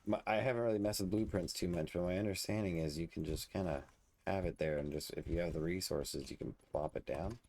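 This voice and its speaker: Let's play host, male, low and gravelly, half to himself, relaxed commentary. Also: brisk. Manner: muttering, thinking aloud while building. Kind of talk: casual gameplay commentary.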